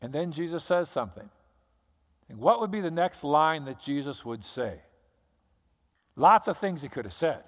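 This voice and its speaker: A pastor with a high, bright voice delivers a sermon, telling the story dramatically and acting out scenes. He sounds like he is in a church hall, with a long reverb trailing each phrase. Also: big pitch swings, moderate pace, pauses often.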